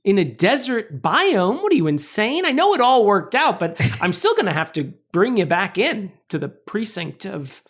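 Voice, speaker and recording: A woman's voice: medium pitch, very animated, moderate pace, few pauses. Joking woman podcast co-host. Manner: jokey, rambling, laughs often. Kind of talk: casual chat.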